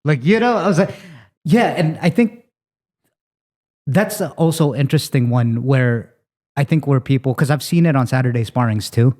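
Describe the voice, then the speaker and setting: A man's voice: medium pitch, expressive, normal speed, darkish tone. A man hosting a casual interview, chiming in with short affirmations and easy laughter and swearing casually. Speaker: podcast host.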